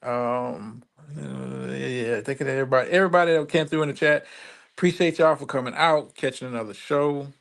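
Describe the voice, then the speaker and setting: A man's voice: mid-range voice, a little fast, vocal fry, fairly bright tone. A tired man hosting a live stream and signing off from his phone. He rambles casually and swears freely. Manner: profane, loose, rambling. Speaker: stream host.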